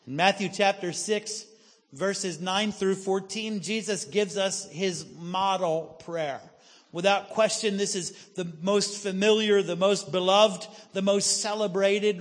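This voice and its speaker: A man preaching in a church sanctuary, his fairly high voice carrying with a long reverb tail. He keeps asking the congregation rhetorical questions. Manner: tells a joke story with acted voices. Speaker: pastor. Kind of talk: sermon. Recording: reverberant hall.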